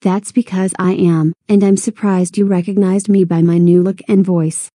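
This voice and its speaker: Woman doing a sweet cheerful cartoon girl, low and dark, husky. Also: level tone, normal speed, no echo, studio quality.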